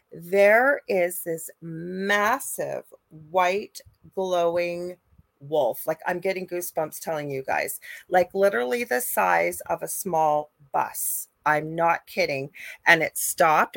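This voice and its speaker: A middle-aged woman co-hosting a live chat, telling a ghost story in an animated way. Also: on the low side, creaky, no room sound. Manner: animated storyteller, acts out quoted voices. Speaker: co-host, psychic medium.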